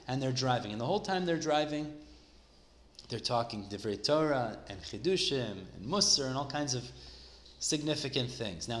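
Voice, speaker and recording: A man's voice: mid-range voice, a bit bright. A man casually retelling a religious story, his talk sprinkled with Hebrew and Yiddish terms. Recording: echoey room with faint background noise.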